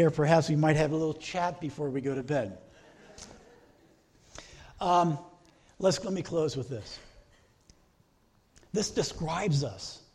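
Earnest husky-voiced male pastor preaching. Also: a little high, a little mellow. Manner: earnest, repeats phrases in preaching lists. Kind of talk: sermon.

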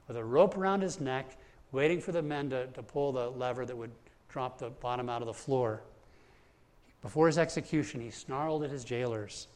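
A man's voice: mid-range voice, a little mellow. A man preaching an earnest sermon to a congregation, often repeating words as he builds his points. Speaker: pastor. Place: church hall with congregation.

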